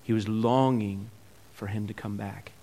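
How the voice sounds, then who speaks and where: A man preaching a sermon who asks the congregation questions, swings between loud emphatic peaks and quiet asides, and acts out the characters' words as he reads. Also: on the low side, steady tone, a little slow. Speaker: pastor.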